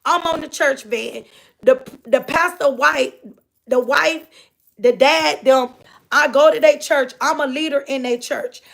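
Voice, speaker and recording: High-voiced woman with gravelly fry. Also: a little slow, a bit bright. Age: adult. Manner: rambling, repeats phrases, often addresses listeners directly. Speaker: livestreamer reading viewer comments. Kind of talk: casual storytelling to viewers.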